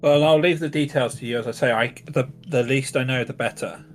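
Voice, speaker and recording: A man's voice: mid-range voice, brisk, faint music behind. A man narrating as game master and voicing a royal character, talking in a hesitant, rambling way.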